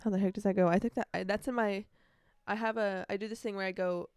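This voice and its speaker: A woman's voice: mid-range voice, steady tone, fast, a little mellow, clean tone, dry recording, studio quality, soft background music. A young woman hosting her own casual podcast, rambling chattily and breaking into snatches of song. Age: young adult. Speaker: podcast host. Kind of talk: casual solo podcast chat. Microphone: earbuds.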